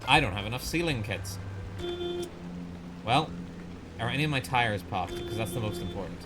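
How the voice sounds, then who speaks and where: A man's voice: fairly low pitch, animated, moderate pace, loud music behind the voice. A young man streaming a game, rambling and swearing as he rants in casual commentary. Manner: exasperated, swears a lot, rambling. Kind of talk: casual gameplay commentary and ranting.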